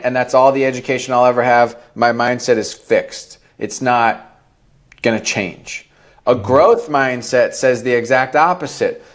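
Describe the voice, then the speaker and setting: A man in his thirties, a podcast guest telling candid stories in a blunt, profane way. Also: medium pitch. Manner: blunt and profane, acts out quoted dialogue. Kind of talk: candid storytelling interview.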